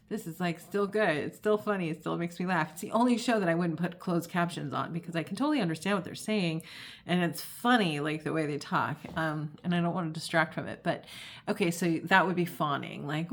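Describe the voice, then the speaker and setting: A woman's voice: lowish voice, moderate pace. A woman hosting an astrology and tarot channel, explaining in a casual, chatty way, full of fillers and acted-out quotes. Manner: chatty, many fillers, acts out quoted voices. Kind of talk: casual explanatory talk to camera.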